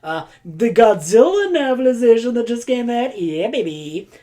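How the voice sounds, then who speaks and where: A woman's voice: fairly high pitch, sing-song, normal speed, warm tone. A woman chatting casually as a book vlogger, rambling with goofy asides, silly sound effects and lots of filler words. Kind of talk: casual chat.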